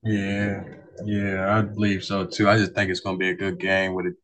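A man co-hosting a sports podcast in casual chat, measured and agreeable. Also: low-pitched, monotone, a bit bright.

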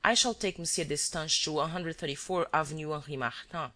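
A reader voicing a male detective who is cool and relentless, laying out accusations calmly and evenly. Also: medium pitch, natural voice. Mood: measured. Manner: calm, measured accusations.

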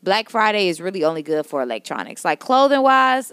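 A woman's voice: on the high side, brisk, fairly bright tone, clean tone, no room sound. A woman co-hosting a podcast in a studio, chatting casually and giving blunt opinions with lots of filler words. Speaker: podcast co-host. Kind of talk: casual chat.

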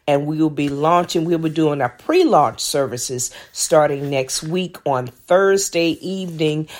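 A woman's voice: sits low, unhurried, few pauses, darkish tone. A middle-aged woman pastor giving an emphatic devotional message and church announcements, with fillers and repeated phrases.

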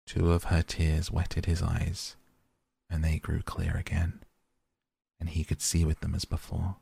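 A man narrating fairy tales in a steady, measured audiobook reading. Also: extremely low pitch, creaky, breathy edge, no room sound.

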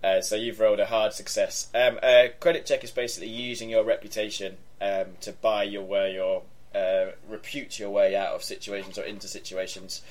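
A man narrating as game master in a relaxed, halting way with many fillers. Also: fairly low pitch.

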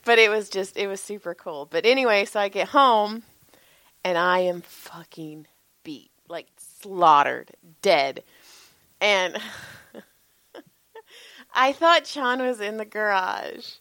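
A woman's voice: medium pitch, takes it slowly, pauses often, no room sound. A woman in her forties telling casual stories with lots of swearing, frequent laughter and acted-out quotes. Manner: animated, profane, laughs often, acts out quotes. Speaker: podcast co-host, massage therapist. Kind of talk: casual storytelling chat.

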